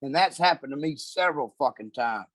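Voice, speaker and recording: A man's voice: fairly high pitch, lively intonation, fairly quick, fairly bright tone, dry recording. A man, a comedian guest telling profane, rambling stories in casual chat.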